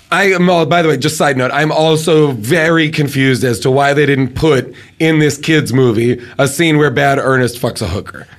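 A man co-hosting a casual movie-chat podcast, joking and quick with asides. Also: on the high side. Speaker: podcast co-host.

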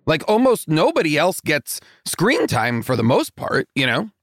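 Animated man chatting about films. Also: on the high side, moderate pace, no room sound, clean studio sound. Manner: animated, talky, fond of "you know". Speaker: podcast co-host. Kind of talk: casual film review chat.

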